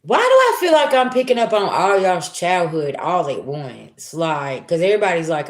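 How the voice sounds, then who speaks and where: A woman's voice: fairly low pitch, very animated, normal speed, hardly any pauses. A woman giving a live spiritual reading as a psychic, talking in a blunt, emphatic, slangy way. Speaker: psychic reader. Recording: roomy echo.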